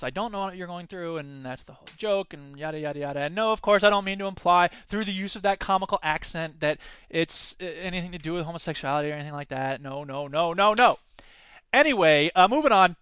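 A man's voice: sits high, animated, brisk, pushed and bright, clear, resonant tone, dry recording. A man hosting a solo podcast, giving opinionated, digressive commentary with self-deprecating asides. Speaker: podcast host.

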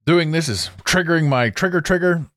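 Man mocking whiny offended meeting attendee, raised pitch, fussy, pleading, sarcastic caricature. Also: normal speed, fairly bright tone, dry recording, close to an everyday voice.

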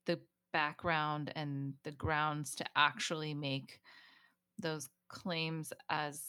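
A woman with a low voice talks slowly and thoughtfully in relaxed podcast chat. She listens closely and adds a steady stream of short replies. The recording is close and dry. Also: smooth, dry recording. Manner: attentive listener, frequent backchannel. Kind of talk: casual chat.

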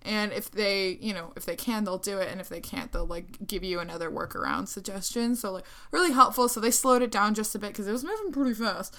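A woman's voice: medium pitch, brisk, hardly any pauses, a bit bright. Giggly young woman, rambling casual chat. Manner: giggly, rambling, many fillers. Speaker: vlogger.

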